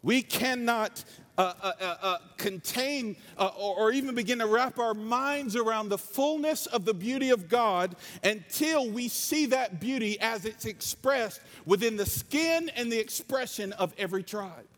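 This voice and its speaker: Man, North Carolina accent, impassioned sermon, high voice, long hall echo. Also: expressive, a little slow, a bit bright. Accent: Southern US, North Carolina. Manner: passionate, impassioned preaching. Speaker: preacher.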